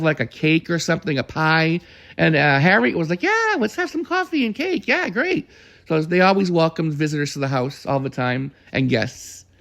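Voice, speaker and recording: Brief: man, gravelly tone, rambling casual storyteller who chuckles now and then. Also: fairly high pitch. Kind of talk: casual reminiscing.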